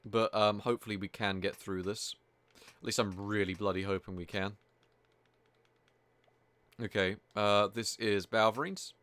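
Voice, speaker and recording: A man's voice: on the low side, fairly even intonation, measured pace, pauses often, a bit bright, no echo. A man casually commenting live over a gameplay stream, chatty and exasperated, swearing freely as he talks. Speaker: game streamer.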